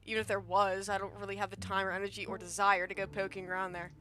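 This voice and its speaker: A woman's voice: medium pitch, flat delivery, fast, bright, forceful tone, close to an everyday voice. A woman voicing a grumpy, scowling adult woman, the player's cousin, who speaks bluntly and dismissively. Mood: gruff.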